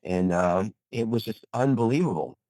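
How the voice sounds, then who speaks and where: A man's voice: fairly low pitch, lively intonation, normal speed, warm tone, dry recording, low-quality recording. Older man, emphatic motivational talk. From USA. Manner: emphatic, repeats phrases for emphasis. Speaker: guest, retired pro bodybuilder. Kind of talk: enthusiastic motivational interview talk.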